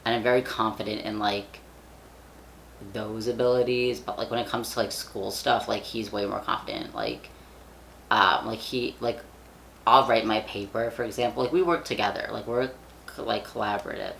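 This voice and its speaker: Young man, casual vlog chat, gravelly fry, bright tone, rambling with fillers and swearing. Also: fairly low pitch, moderate pace, a little hiss or hum. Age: young adult. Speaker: vlogger.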